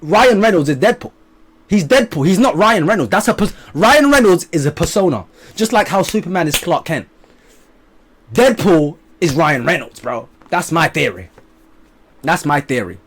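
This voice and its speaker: A young man vlogging a movie review, his voice sitting high and leaping all over the place. He talks in hyped bursts that drop to quiet mutters, and he swears casually. The whole thing is an unscripted chat to camera. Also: moderate pace, slight background noise. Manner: animated, hyped, swings between loud bursts and low mutters, swears freely.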